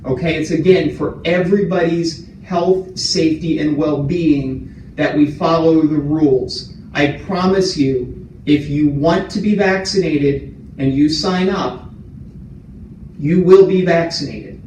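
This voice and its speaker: A man's voice: fairly high pitch, a little slow, a little mellow. A man giving a town hall update as a community administrator, speaking plainly and repeating key points to reassure his audience. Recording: roomy, distant, faint room hum.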